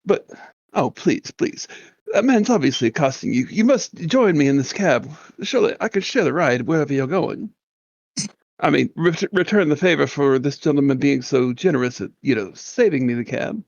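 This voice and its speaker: A man's voice: fairly high pitch, animated, moderate pace, gravelly, no room sound, lo-fi sound. A man voicing a genteel, overly gracious traveler with a put-on Southern US accent in a tabletop game. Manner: sugary, gracious.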